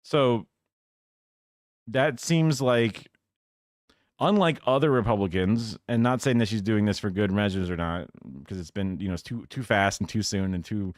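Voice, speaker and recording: A man's voice: fairly low pitch, moderate pace, no room sound, studio quality. A man streaming live and reacting to news clips in a casual, rambling, sarcastic way, with swearing and mocking quotes.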